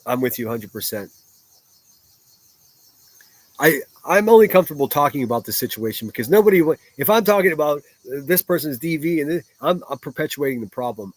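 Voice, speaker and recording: A man's voice: mid-range voice, dry recording. Profane ranting man, dry close sound. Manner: profane, combative and blunt. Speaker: livestream drama commentator. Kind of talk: ranting livestream commentary, reading chat aloud.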